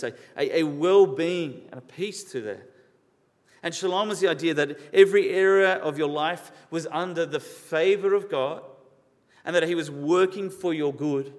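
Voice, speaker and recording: A man preaching a sermon in an earnest, questioning way, repeating key words for emphasis. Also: fairly high pitch. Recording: long reverb of a large hall.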